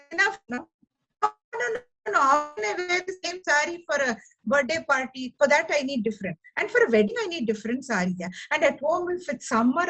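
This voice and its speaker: A woman's voice: a little high, breathy edge, rough recording. An older woman gives a motivational talk as an educator and counselor, acting out little dialogues as she tells stories. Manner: animated storyteller, acts out dialogues. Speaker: special needs educator and counselor.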